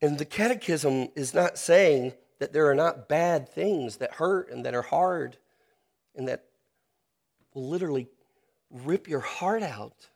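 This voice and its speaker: A man preaching a sermon, earnest and personal, slowing down to stress key phrases. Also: a little high, vocal fry. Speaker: pastor.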